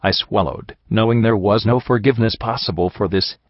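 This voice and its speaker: A man reading a first-person story aloud in a measured, somber way, in a dull, dry home recording. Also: fairly low pitch, dry recording. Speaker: audiobook reader.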